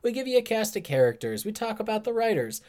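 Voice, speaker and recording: A man's voice: high voice, very animated, fast, darkish tone. A man co-hosting a podcast in an easygoing, wry way, reading the intro and episode details. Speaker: podcast co-host. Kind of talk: casual chat.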